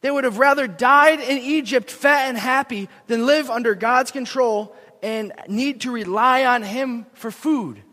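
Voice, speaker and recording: A young man delivers a sermon from the front of a church, earnest and animated, at times laughing at himself. His voice sits high for a man. The big sanctuary wraps every word in a long, ringing reverb. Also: measured pace, hardly any pauses. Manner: earnest, animated, self-deprecating. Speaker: preacher. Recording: long echo of a large hall.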